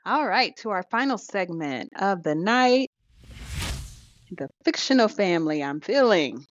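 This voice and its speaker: In a dull, lo-fi recording with no room sound, a woman co-hosting a podcast chats away, laughing frequently and hesitating with fillers. She has a mid-range voice, lively intonation and a measured pace.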